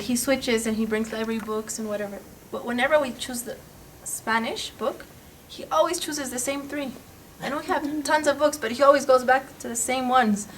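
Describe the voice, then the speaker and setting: A mother asks her question in a chatty, amused way. Her voice is very high, and clear noise with clicks runs behind her. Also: recorded from a distance. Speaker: parent. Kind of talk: casual group discussion. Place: school meeting room.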